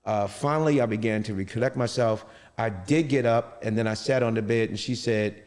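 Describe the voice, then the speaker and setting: A middle-aged man telling his own story in an interview, halting and often restarting his sentences. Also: lowish voice, a little mellow. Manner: halting, with many restarts and fillers. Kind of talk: personal storytelling. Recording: long reverb.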